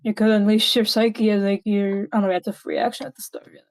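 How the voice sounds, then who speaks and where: A woman's voice: medium pitch, level tone, quick pace, a little mellow. A woman playing a tabletop game, blunt and rules-checking, swearing casually. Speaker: player.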